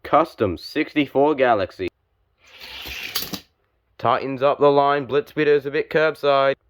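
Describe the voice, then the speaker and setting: Over a bit of background noise, a young man gives running commentary on toy cars jousting, his medium-pitched voice calm and deliberate. Each big hit sets off a sudden spike of excitement.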